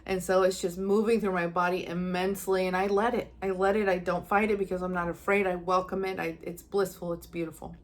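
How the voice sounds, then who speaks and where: A woman's voice: fairly low pitch, little pitch movement, a little fast, few pauses. A young woman, a psychic medium, earnestly telling a personal story to her viewers and acting out her own thoughts with feeling. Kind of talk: casual personal storytelling to camera.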